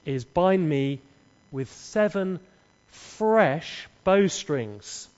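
A man's voice: on the high side, lively intonation, extremely slow, a little mellow. A man voicing a boastful young strongman, offhand and bragging, in an echoey hall. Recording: echoey, dull hall recording.

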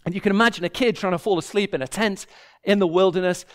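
A man's voice: sits high, fast. A man preaching a sermon, building his points through repeated phrases and briefly voicing imagined people. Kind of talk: expository sermon.

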